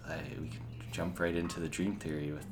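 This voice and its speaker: A man who is a podcast guest, calmly explaining a theory in casual chat. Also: low voice, slight background noise. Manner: explanatory, measured.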